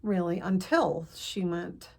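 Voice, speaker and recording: An older woman telling a personal family story to camera, earnest and emotional, with pauses and restarts. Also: on the low side, creaky, a little mellow. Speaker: counselor vlogger.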